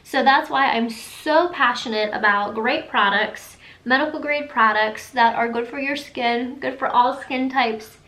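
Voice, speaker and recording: A woman in her thirties chatting through a casual makeup tutorial, enthusiastic, with quick asides. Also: a little high, fairly bright tone. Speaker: beauty vlogger.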